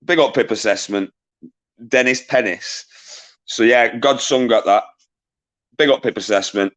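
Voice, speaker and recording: A man hosting a live-stream quiz, bantering with chat, giving quick shout-outs, swearing casually and laughing often. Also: mid-range voice. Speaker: livestream quiz host.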